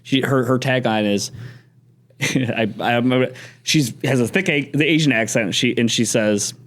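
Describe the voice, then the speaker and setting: A man's voice: medium pitch, unhurried. A man hosting a casual podcast, telling stories in slangy talk full of "dude" and "like.". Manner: slangy storyteller, says dude and like a lot. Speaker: podcast host, marketer.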